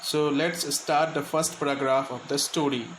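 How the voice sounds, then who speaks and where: A man with an Indian accent, a school teacher, explaining an English lesson slowly and stopping often to gloss words for his students. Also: a little high, steady tone, echoey room, a little hiss or hum, rough recording.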